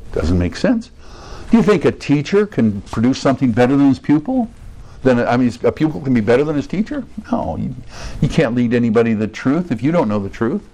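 Warm and medium-pitched, this pastor's sermon has a conversational feel. He asks his listeners questions and eases his pace to emphasize the scripture verses he quotes.

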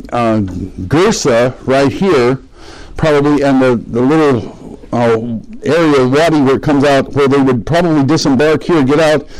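A man's voice: fairly high pitch, darkish tone, rough recording. Man preaching a conversational sermon. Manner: conversational teaching, asks the congregation questions. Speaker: pastor.

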